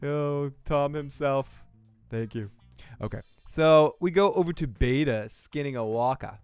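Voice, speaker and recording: A fairly high-voiced man with a Boston accent riffs loosely as a show host, cursing and joking as he goes. His voice is smooth and clean, recorded close and dry. Faint music sits far behind him. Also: a little slow, darkish tone, no room sound. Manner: profane, rambling, jokey riffing. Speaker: podcast host recapping a TV episode. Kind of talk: casual review chat.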